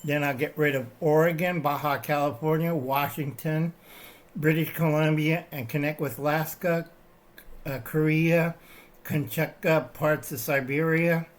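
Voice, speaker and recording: A man's voice: on the high side, fairly even intonation, a little slow. An older man hosting his own channel, ranting in a digressive, satirical way, often tagging his lines with "okay?" while showing things to the camera. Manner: shows items to the camera while talking. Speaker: channel host. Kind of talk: rambling satirical rant.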